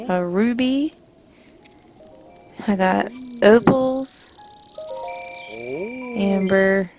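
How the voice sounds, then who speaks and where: Music plays behind this Southern-accented woman from Georgia, whose mid-range voice is creaky and slow. She hosts a gaming channel, offering casual gameplay commentary as she rambles and corrects herself along the way.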